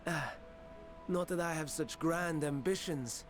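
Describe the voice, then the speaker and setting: Fantasy game scholar, voiced by a man, formal archaic speech, measured, slightly high voice. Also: soft background music, close to an everyday voice. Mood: calm lecturing. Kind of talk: game cutscene voice acting.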